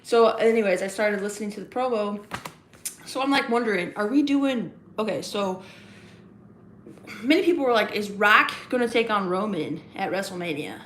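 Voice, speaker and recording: A woman's voice: medium pitch, lively intonation, normal speed, fairly bright tone, roomy sound, a little hiss or hum. A woman hosting a casual live stream, rambling and chatty with plenty of fillers and restarts as she greets viewers in the chat. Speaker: livestream host.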